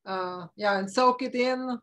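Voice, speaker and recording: Woman host from Austria, mid pitch; halting, word-searching delivery. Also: a bit bright. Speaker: host, horse owner. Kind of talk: casual conversation.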